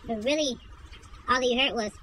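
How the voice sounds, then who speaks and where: A crude little male chihuahua, voiced by a woman, boasts and trash-talks in cheeky, profane slang for a comedy skit. The voice sits a bit high. It is caught on a noisy phone video with traffic hum behind it. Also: moderate pace, bright, forceful tone. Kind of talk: comedic talking-dog skit.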